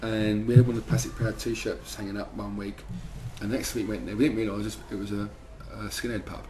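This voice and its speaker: A man's voice: fairly low pitch, little pitch movement, fairly quick, warm tone, a little hiss or hum. A man, telling rambling, swearing anecdotes in an interview. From London, second generation Irish. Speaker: band member. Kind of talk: casual interview storytelling.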